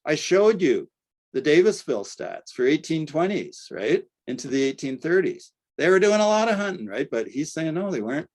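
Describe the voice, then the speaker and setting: A man's voice: on the high side, very animated, normal speed, darkish tone. Older man lecturing, casual. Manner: conversational, tags points with "right?", frequent fillers. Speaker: archaeology lecturer. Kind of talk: academic lecture.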